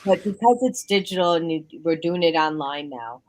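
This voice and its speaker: Woman telling a story, lower voice. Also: normal speed, rough recording. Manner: animated storyteller, acts out quotes. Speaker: guest. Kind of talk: casual radio talk. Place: home bedroom.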